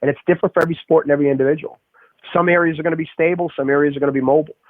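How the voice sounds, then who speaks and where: A man's voice: fairly high pitch, fairly even intonation, racing, no echo. A man with a Boston accent, a strength coach explaining his methods in an emphatic podcast interview, restarting often. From Boston area. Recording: tinny phone-like remote call.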